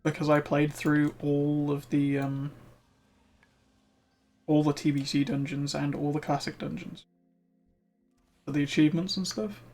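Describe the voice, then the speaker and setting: Excitable man streaming a game, slightly high voice. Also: unhurried, long pauses, faint music behind. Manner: chatty, excitable, swears casually. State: losing his voice. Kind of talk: casual live gameplay commentary.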